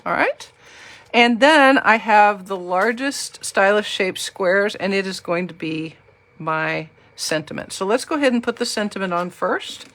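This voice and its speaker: In a live card-making demo, a Southern US woman talks directly to viewers, chatty and joking. Her voice is medium-pitched and a bit bright, at a measured pace.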